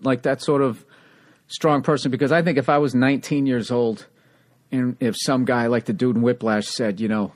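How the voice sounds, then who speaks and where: A man's voice: medium pitch, fairly even intonation, normal speed. Chatty, candid podcast host man. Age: around 50. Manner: candid, chatty, swears casually. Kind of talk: casual interview chat.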